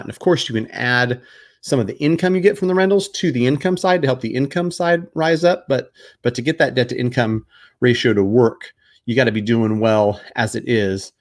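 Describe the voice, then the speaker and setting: A man hosting a casual live Q&A as a mortgage broker, explaining loans in a conversational way with frequent fillers and restarts. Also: mid-range voice. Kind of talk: casual live Q&A answering viewer questions.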